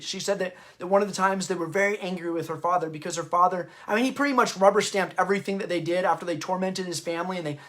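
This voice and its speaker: A man's voice: high-pitched, fairly bright tone. A man hosting an unscripted history talk, impassioned and stirred up, often stopping and restarting mid-sentence. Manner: halting, often stops and restarts. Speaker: host and parenting author.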